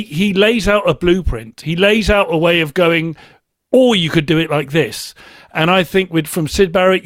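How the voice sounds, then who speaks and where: High-voiced man talking thoughtfully. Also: dry recording. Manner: thoughtful, restarts sentences often; enthusiastic about music. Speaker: musician guest. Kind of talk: casual interview talk.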